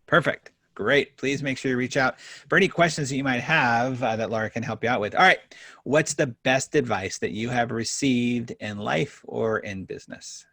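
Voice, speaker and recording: A man's voice: medium pitch, normal speed, creaky, bright, forceful tone, no room sound. A man hosting a podcast interview in a casual, upbeat and effusive way. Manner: upbeat and effusive, lots of praise. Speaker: podcast host.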